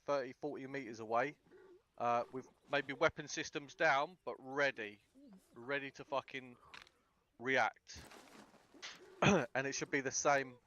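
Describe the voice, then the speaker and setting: A man runs a casual tactical briefing over voice chat. His manner is blunt and sweary, and he acts out bits of example dialogue. His pitch sits in the middle, and the headset sound is a little muffled. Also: fairly bright tone. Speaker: instructor.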